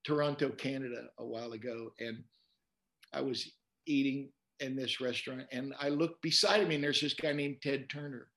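Here a male pastor, interviewed as a guest, tells stories in a conversational preaching manner, quoting scripture along the way. His voice is mid-range and moderately paced, and he's lively in the telling, repeating words while quoting scripture.

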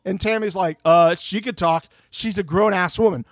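A man co-hosting a casual recap podcast, animated and swearing often, acting out what people said. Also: high voice, normal speed, hardly any pauses, no room sound, clean studio sound. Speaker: podcast co-host.

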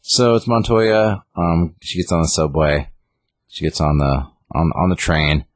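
A man's voice: a bass voice, moderate pace, no echo, clean studio sound. A man casually recapping a comic story, rambling with lots of fillers. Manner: rambling retelling with many fillers. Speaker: comic book reviewer. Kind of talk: casual chat.

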